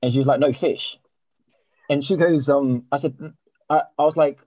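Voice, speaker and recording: A man, hosting a podcast and telling a long story in animated, sweary casual chat. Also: on the high side, normal speed, no room sound, highs cut off. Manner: animated, swears a lot, with many restarts and reported speech. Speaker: podcast host.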